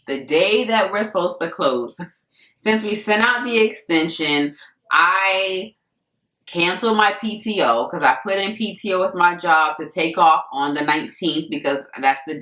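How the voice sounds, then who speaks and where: A young adult woman telling a story to camera in a casual vlog, animated and laughing often as she acts out what people said. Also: lowish voice. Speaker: vlogger. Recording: echoey room, mic at a distance.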